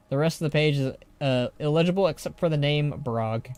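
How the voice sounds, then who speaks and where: Clear-voiced man streaming a game. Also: a little high, fairly quick, darkish tone, no echo. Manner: reads game text aloud, chatty and joking. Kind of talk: live gameplay commentary.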